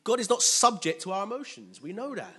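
A man preaching a sermon with animated, emphatic delivery and call-and-response. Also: sits high, fairly quick, breathy edge.

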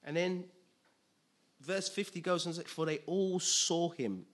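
A man preaching a sermon in an animated way, acting out scenes with sudden loud outbursts. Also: a little high, slow pace.

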